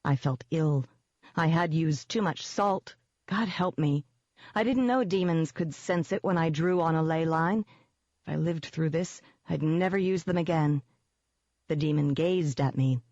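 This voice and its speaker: An audiobook narrator reading a first-person novel in a steady, even storytelling manner. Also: medium pitch, unhurried, dry recording, lo-fi sound.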